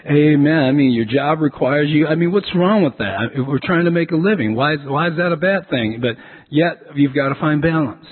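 A man's voice: on the high side, moderate pace, slightly rough. A man preaching a sermon as a pastor, telling stories and often repeating words as he restarts. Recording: tinny phone-like sound.

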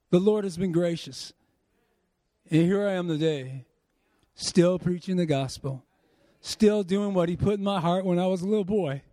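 Fervent male preacher, high voice, dry close sound, builds to shouts. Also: no room sound. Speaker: pastor. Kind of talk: sermon.

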